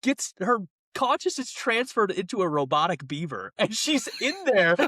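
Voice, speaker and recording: A young man co-hosting a podcast, retelling a film in lively casual chat and laughing often. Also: sits high, normal speed, no room sound, studio quality. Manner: animated, laughing storyteller. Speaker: podcast co-host.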